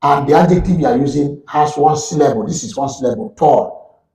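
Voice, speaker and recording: Here the same kind of speaker sounds creaky: a fairly high, dark-toned male voice with a Nigerian accent, set back from the microphone in a room with echo. As a university lecturer teaching English grammar in a live online class, he goes over points slowly and methodically, repeating himself.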